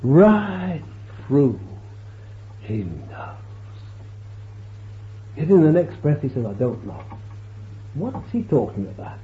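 Emphatic preacher with a tinny recording. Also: male voice, fairly high pitch, very animated. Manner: emphatic, slow, dramatic swells and drops. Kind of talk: sermon. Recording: tinny lo-fi recording with faint hiss.

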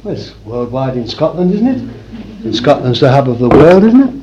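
A man preaching a sermon to a congregation in a room, swinging from loud declarations to hushed asides. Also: medium pitch, big pitch swings, fairly quick, dull audio, noisy background.

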